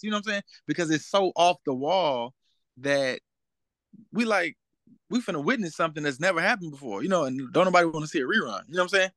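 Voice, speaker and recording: A man's voice: sits high, lively intonation, fast talker, pushed and bright, no echo. A young man as a guest in a casual interview, talking in a laid-back way and often asking "you know what I'm saying?".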